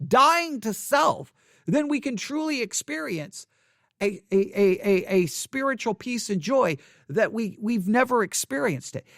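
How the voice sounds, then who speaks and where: A man with a fairly high voice and a gravelly edge leads an informal devotional study. He speaks haltingly, often repeating phrases and correcting himself mid-sentence. The sound is close and dry. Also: fairly bright tone, no echo.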